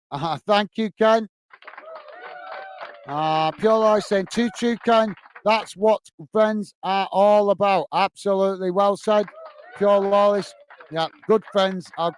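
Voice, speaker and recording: A man with a high-pitched voice hosts a live football watch-along as a livestreamer, reading viewers' chat messages aloud. He answers them casually in a friendly, chatty way. Slight background noise is audible.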